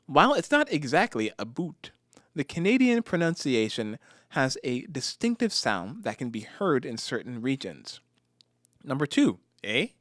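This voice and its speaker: Animated American man teaching English. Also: on the high side, no room sound, clean studio sound. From United States. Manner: animated, laughing, switching between English and Mandarin. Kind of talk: casual bilingual lesson chat.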